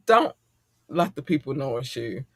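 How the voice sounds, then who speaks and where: A middle-aged man hosting a casual podcast chat, animated and profane and quick to laugh. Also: mid-range voice, dry recording, clean studio sound. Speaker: podcast host.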